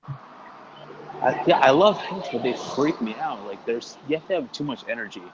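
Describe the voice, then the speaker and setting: A man in casual livestream banter, excitable and swearing a lot, with loud outbursts. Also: mid-range voice, moderate pace, highs cut off, noisy background. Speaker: co-host.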